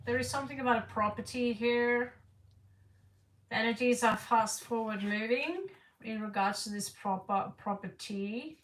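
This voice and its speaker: A woman's voice: fairly high pitch, normal speed, echoey room, distant mic, slight background noise, low-quality recording. A woman doing an online tarot reading in a rambling, frank way. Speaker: tarot reader.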